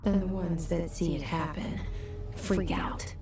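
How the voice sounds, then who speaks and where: Brooding haunted heroine, gravelly whisper, far off in a roomy space. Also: female voice, on the low side, steady tone, unhurried. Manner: hushed, brooding. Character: guarded young woman, haunted inner voice. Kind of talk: whispered inner monologue. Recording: roomy, distant game audio. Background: game music.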